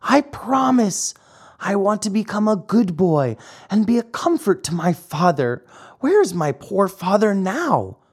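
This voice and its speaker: Storybook role: man playing an eager boy puppet, higher and pleading, very animated, unhurried. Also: slightly rough, full character voice. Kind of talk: audiobook character reading.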